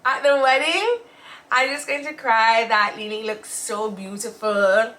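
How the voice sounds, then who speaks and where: A woman co-hosting a casual live chat show, openly emotional and animated. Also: a little high, unhurried. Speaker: co-host of a weekly live show.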